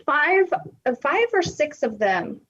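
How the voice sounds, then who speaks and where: A woman's voice: high-pitched, sing-song, slow, a bit bright. A woman guest on a podcast, chatting casually and rambling, laughing often as she talks from home. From US South. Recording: dull lo-fi mic.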